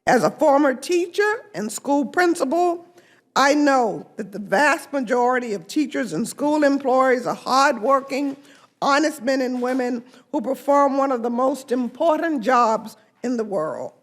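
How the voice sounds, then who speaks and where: Older woman legislator, high lively voice, slow emphatic delivery at a press event. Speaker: congresswoman. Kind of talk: press conference speech.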